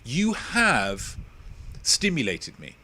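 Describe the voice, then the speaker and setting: A man hosts a live-streamed quiz, reading questions and bantering with his viewers. He plays it mock-pompous and teasing, his pitch leaping up and down with lively swings. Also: extremely slow, husky. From England. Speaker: quiz host.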